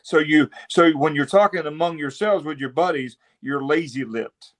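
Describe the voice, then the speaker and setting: A man's voice: fairly high pitch, normal speed. Easygoing male sports co-host. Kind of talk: casual sports chat.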